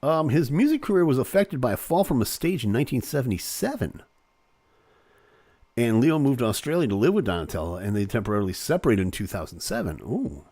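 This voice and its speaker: A man's voice: mid-range voice, a little mellow, no room sound. A man hosting a live online show, casually reading celebrity news aloud with playful jokes and asides.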